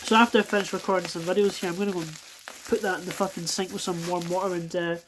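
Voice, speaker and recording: A woman's voice: on the low side, fairly even intonation, fast talker, noisy background. A Scottish woman filming a casual unboxing vlog at home, swearing a lot in exasperation and apologizing for it as she goes. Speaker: toy collector reviewing die-cast cars. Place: at home, indoors on a carpeted floor.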